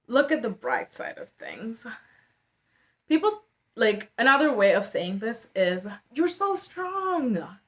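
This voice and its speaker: A woman's voice: mid-range voice, fairly bright tone. A young adult woman talking to camera about hard personal topics, earnest and hesitant, with many fillers and restarts. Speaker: mental health vlogger. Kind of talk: casual emotional talk to camera.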